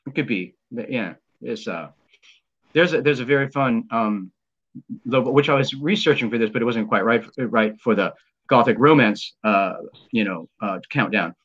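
A man's voice: medium pitch, moderate pace, a bit bright, husky, muffled recording. A man hosting a live stream, chatting casually and enthusiastically, rambling with many fillers and restarts. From United States.

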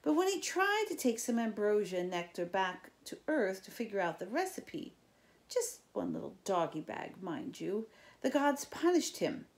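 Spiteful old male villain as read by a woman: croaking, gravelly hushed menace with sudden loud orders. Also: mid-range voice, big pitch swings. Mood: menacing. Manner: slow, sly storytelling with sudden loud orders. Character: sinister old male king, spiteful and gloating.

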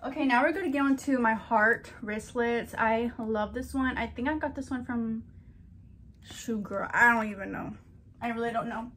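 A chatty young woman talks through her hauls and collections with a slightly high, bubbly voice. She gushes over each item and speaks straight to her viewers. A faint hum of room noise sits behind her. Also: normal speed, a bit bright. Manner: chatty, gushing, addresses viewers as girlies. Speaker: vlogger. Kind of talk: casual haul vlog.

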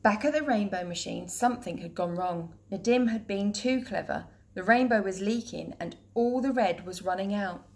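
A woman teacher reading a children's picture book aloud in a clear, steady, gentle voice. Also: mid-range voice, moderate pace, few pauses.

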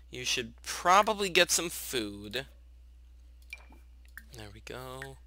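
A man's voice: medium pitch, big pitch swings, very slow, pauses often. A young man casually commenting on a life-sim game, chatting to his characters and gushing when something cute happens. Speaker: gaming channel host. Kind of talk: casual let's play commentary. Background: soft background music.

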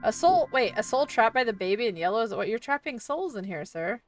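A woman with a fairly high voice gives chatty let's-play commentary and talks playfully to an on-screen baby. Her voice sits a little back from the microphone. It is a relaxed, casual delivery. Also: a little fast, dry recording, distant mic, faint music behind. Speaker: gaming YouTuber.

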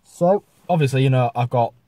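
A man's voice: medium pitch, fairly quick, warm tone, dry recording. A man with a mix of Yorkshire and Southern English accents, chatting casually in a vlog and stumbling over his words. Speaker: vlogger.

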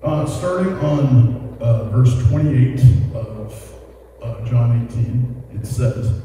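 A man's voice: medium pitch, takes it slowly, warm tone. A male pastor giving a sermon, reading scripture and then explaining it in a casual, plain-spoken way. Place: large church hall. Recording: echoey hall, distant mic, ambient noise.

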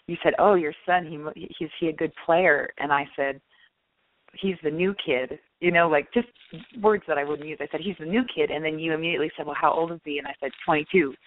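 A woman's voice: deep voice, no room sound. Woman on a tinny phone line. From California. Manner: animated storytelling, rushed restarts. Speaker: guest. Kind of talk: casual interview talk.

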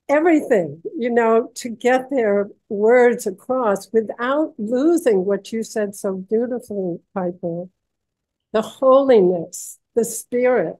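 A woman's voice: fairly high pitch, low-quality recording. An older woman speaking heartfelt and gushing, laughing between phrases, on a video call. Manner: warm, gushing, laughs often. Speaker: panel guest.

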